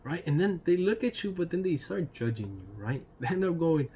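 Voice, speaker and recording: A man's voice: a little high, sing-song, moderate pace, dark tone, a little hiss or hum. A man telling a casual storytime vlog, loose and chatty, laughing between lines, swearing now and then and dropping in "you know" and "right?". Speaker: YouTube storyteller.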